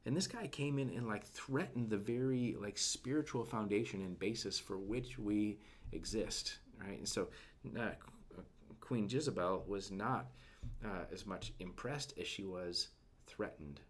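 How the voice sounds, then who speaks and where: Unhurried and slightly rough, this fairly low-pitched man offers a conversational devotional talk full of fillers. He keeps turning to ask his listeners questions, and his voice sinks to a soft near-whisper at emotional points.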